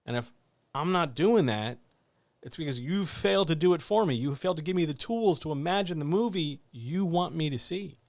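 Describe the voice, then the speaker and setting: A man's voice: fairly high pitch, animated, normal speed, no room sound. A man hosting a casual writing chat, teaching with blunt, wry emphasis and lots of repetition. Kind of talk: casual instructional talk.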